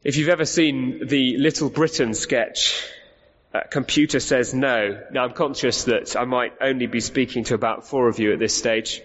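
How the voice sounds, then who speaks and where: A male preacher with a medium-pitched, fairly even voice speaks at a moderate pace, delivering an emphatic sermon. He poses rhetorical questions to the congregation and often restarts his sentences, recorded muffled in a reverberant hall.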